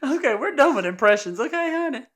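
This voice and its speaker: A woman's voice: high-pitched, sing-song, fast talker. A woman co-hosting a casual podcast, giggly and teasing. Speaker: podcast co-host. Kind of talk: casual chat.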